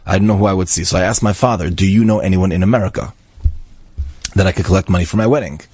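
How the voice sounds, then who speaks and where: A man's voice: low-pitched, fast, a little mellow, slightly rough, no echo. A man voicing an earnest, humble, grateful young Israeli man in a spoken story.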